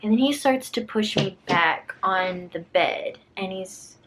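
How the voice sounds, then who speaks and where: A woman's voice: medium pitch, takes it slowly, fairly bright tone, slight background noise, low-quality recording. A young woman YouTuber telling a personal story to camera in a storytime vlog, chatty and full of fillers, acting out what people said. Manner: chatty, many fillers, acts out quotes.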